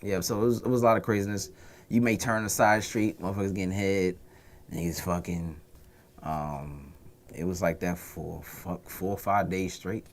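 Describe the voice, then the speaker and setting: A man's voice: low voice, steady tone, normal speed. A middle-aged man hosting a radio talk show, telling crude stories in casual comedic banter.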